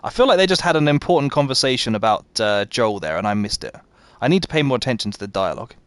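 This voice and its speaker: A man's voice: medium pitch, sing-song, fast talker, fairly bright tone, clear, resonant tone, no echo. A man livestreaming a game, chatting with his viewers and laughing at himself. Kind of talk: live gameplay chat.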